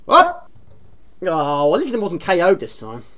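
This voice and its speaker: A woman's voice: on the low side, wildly swooping pitch, normal speed, a bit bright. A woman streaming a retro game, chatting casually, teasing herself and greeting viewers from chat. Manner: chatty, self-mocking, reads chat aloud.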